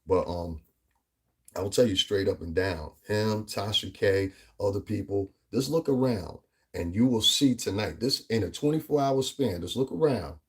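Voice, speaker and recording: A man's voice: fairly low pitch, moderate pace, breathy edge. A man from the New York tri-state area with a New York-area accent, talking in a rambling, emphatic commentary vlog and often asking "you know what I'm saying". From US Northeast tri-state area. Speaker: vlogger.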